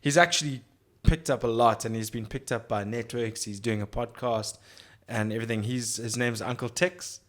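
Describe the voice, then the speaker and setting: A man's voice: medium pitch, fairly even intonation, moderate pace, few pauses. A man hosting a podcast, chatting in a loose, rambling way and swearing casually. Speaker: podcast host. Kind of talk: casual chat.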